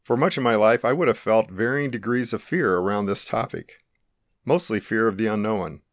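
Low-ish guy calmly telling his own story, earnest, reflective, very dry sound. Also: normal speed, dry recording. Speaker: narrator. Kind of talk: first-person testimony narration.

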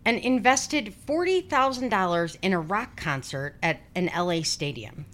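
A woman's voice: on the low side, expressive, moderate pace, fairly bright tone. A woman in her forties telling a true-crime story on a casual podcast, blunt and sweary with sarcastic asides. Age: 40s. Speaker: podcast host.

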